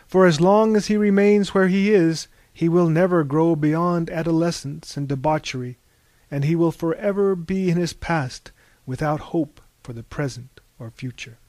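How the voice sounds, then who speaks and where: A man voicing Athena, a stern and wise warrior goddess who speaks in a measured, grave way, in a dry recording. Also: on the high side, darkish tone, no echo, close to an everyday voice.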